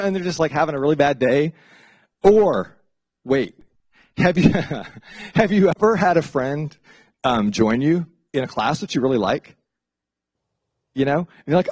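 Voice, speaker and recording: Middle-aged man, professor, casual lecture, animated, swooping pitch, dry close sound. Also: normal speed, long pauses, no room sound. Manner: chatty, animated, jumps into playful voices for asides. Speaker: psychology professor.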